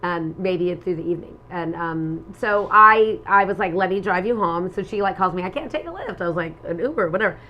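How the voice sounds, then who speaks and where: A middle-aged woman co-hosting a relationship talk show, telling personal stories with animated energy and acting out the lines she quotes. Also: on the low side, fairly quick, hardly any pauses, lo-fi sound. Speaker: relationship podcast co-host. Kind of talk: casual chat.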